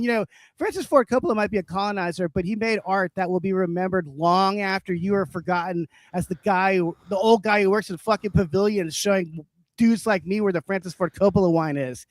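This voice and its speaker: High-voiced man ranting with profanity. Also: a little fast, no echo. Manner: profane, ranting, laughs often. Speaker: livestream co-host. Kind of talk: casual comedic chat.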